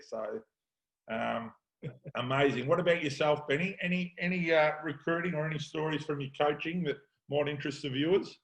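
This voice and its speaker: A middle-aged man with an Australian accent spins coaching yarns in a relaxed, chatty way. He slips into the voices of the people he quotes and keeps the talk rolling as host. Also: medium pitch, fairly quick, rough recording. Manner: yarn-spinning, acts out quoted lines. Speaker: podcast host, football coach. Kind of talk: casual storytelling chat.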